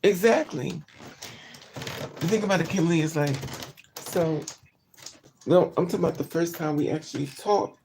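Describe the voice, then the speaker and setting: A woman vlogger casually telling a story to her viewers, blunt and profane, with animated delivery. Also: low voice, normal speed, long pauses, slight background noise.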